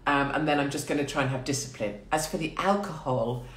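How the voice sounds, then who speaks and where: A woman's voice: sits low, fairly quick. A woman in her forties chats on a phone livestream from a small quarantine room. She swears freely, laughs often and rambles in a crude, irreverent way. The small room gives her voice a noticeable echo. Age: 40s. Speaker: livestream host. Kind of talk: casual livestream chat.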